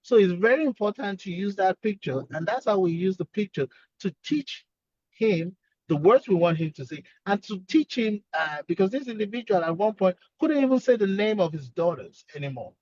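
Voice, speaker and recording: Male speech therapist, earnest explainer, higher voice, dull dry sound. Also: expressive, normal speed, a little mellow, no room sound. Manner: earnest, explanatory, repeats key points. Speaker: speech-language pathologist guest. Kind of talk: expert explaining on a webinar.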